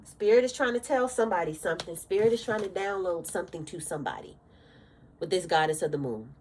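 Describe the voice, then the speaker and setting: A woman's voice: on the low side, lively intonation, fast talker, darkish tone, slight background noise. A woman giving a casual tarot reading, fiery and direct, cursing freely, bothered by allergies. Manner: blunt, fiery, cursing often. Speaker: tarot reader.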